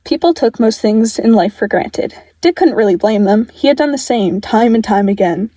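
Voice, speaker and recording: Woman reading fan fiction, mellow and dry. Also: fairly high pitch, lively intonation, moderate pace, dry recording, poor audio. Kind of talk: audiobook-style story reading.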